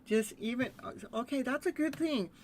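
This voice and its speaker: A woman's voice: sits high, moderate pace, darkish tone, slight background noise. A woman giving a live tarot reading, chatty and laughing often as she talks. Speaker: tarot reader.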